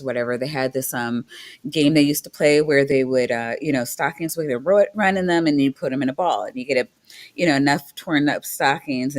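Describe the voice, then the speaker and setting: Adult guest, casual chat, rambling, fillers and restarts, casual swearing, mid pitch. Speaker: guest on a debunking show.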